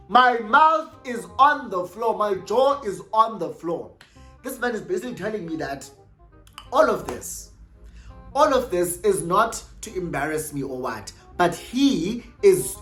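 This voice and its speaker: Animated young South African woman. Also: mid-range voice. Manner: animated, exclamatory, switches between English and Xhosa. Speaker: YouTuber. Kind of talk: storytime vlog.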